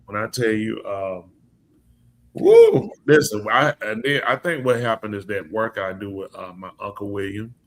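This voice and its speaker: Bright-voiced male preacher telling stories. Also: lowish voice, normal speed, few pauses. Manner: lively storyteller who acts out quoted voices. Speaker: podcast host and preacher. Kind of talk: casual storytelling chat.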